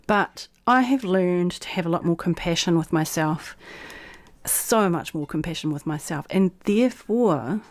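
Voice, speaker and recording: A woman's voice: fairly low pitch, normal speed. A woman vlog host who reads her old blog post aloud in a frank, persuasive way, then reflects on it.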